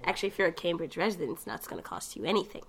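A woman with a Boston accent co-hosting a casual podcast, brash and quick to swear and laugh. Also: fairly low pitch, big pitch swings, crowd noise. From Massachusetts. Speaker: podcast co-host. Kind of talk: casual chat.

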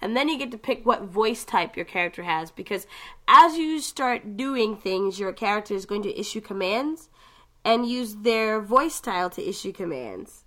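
A woman chatting casually about video games, telling the story with lively asides and quick mimicked voices. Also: medium pitch. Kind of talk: casual gaming chat.

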